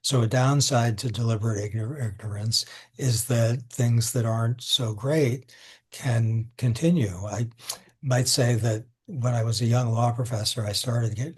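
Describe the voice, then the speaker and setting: An older man answers interview questions with a slightly husky voice at an ordinary pitch. He talks thoughtfully, pausing and restarting, and sometimes sounds moved, over a video call. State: emotional. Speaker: interviewee, law professor.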